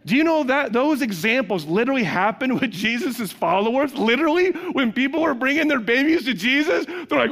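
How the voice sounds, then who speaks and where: A man's voice: very high voice, expressive, a little fast, hardly any pauses, a bit bright, in a large hall. A man delivering a sermon as pastor, in a conversational way, acting out quoted voices and asking the congregation questions.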